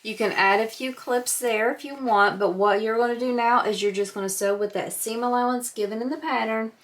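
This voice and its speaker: Calm woman teaching a sewing tutorial. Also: on the high side, fairly quick. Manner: calm, patient, walks through each step. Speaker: sewing instructor.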